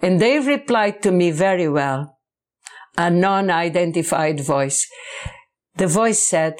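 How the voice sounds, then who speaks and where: A woman, a book author answering interview questions in English, halting and searching for words. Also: fairly low pitch, animated.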